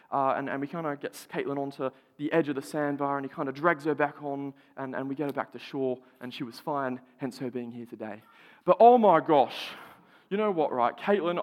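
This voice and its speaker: Young Aussie preacher, lively storyteller who trips over his words, a touch high, in a big echoing hall. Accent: Australian. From Australia. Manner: animated storytelling with frequent stammered restarts and laughs. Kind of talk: sermon with personal story. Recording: long hall reverb.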